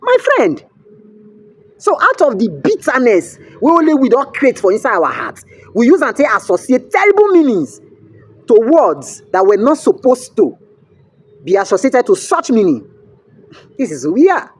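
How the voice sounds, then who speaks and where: A man's voice: very high voice, huge pitch swings, moderate pace, breathy edge. A young man with a Nigerian accent, telling a story to camera in a chatty way and often checking in with the viewer. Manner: chatty, asks the viewer "you get?", mixes in pidgin. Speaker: vlogger.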